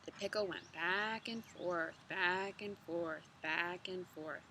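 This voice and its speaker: Relaxed woman reading a kids' book aloud. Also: lowish voice, slow pace, a little hiss or hum. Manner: relaxed, chatty with fillers between reading. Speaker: storybook reader. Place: outdoors in a yard with dogs.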